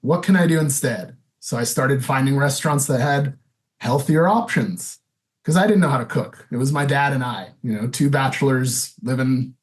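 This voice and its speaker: A man's voice: medium pitch, normal speed. A man in his thirties telling his own story as a podcast guest, candid and loose, full of "you know" and "like". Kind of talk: casual interview storytelling.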